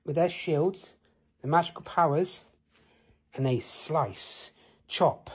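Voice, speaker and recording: A man's voice: on the high side, slow, husky. A man telling an improvised fantasy tale in a rambling way, asking the listener questions. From United Kingdom. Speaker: storyteller.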